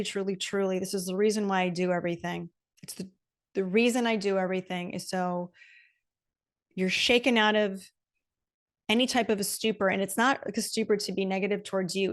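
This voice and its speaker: Woman host, middle-aged, passionate solo pep talk, repeats for punch. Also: medium pitch. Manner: passionate, emphatic, repeats key phrases. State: emotional. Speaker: podcast host.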